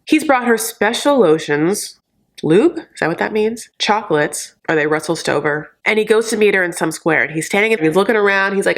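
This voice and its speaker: Campy, sassy recap host with a low voice. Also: female voice. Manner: campy, quick asides, calls viewers honey. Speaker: reality show recap host.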